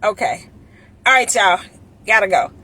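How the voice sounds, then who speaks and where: A middle-aged woman chatting casually with viewers on a livestream, heartfelt and emotional, pausing often with ums. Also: mid-range voice, pushed and bright, breathy edge. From Chicago area. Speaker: vlogger and insurance agent. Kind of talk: casual live-stream chat with viewers. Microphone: phone.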